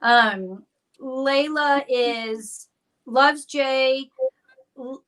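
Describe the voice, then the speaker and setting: Chatty medium woman, bright higher voice. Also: drawn-out words, low-quality recording. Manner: chatty, playful, self-deprecating. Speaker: psychic medium host. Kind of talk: live-stream reading.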